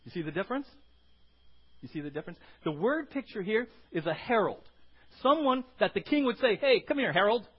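Male pastor, high husky voice, lively preaching to a congregation. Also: fairly quick, highs cut off. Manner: animated preaching, asks the congregation questions. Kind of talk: sermon. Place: church sanctuary.

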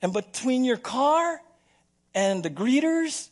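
A man preaching a sermon as pastor in a church, playful and animated, acting out little scenes for the congregation. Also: high voice, moderate pace. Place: church sanctuary.

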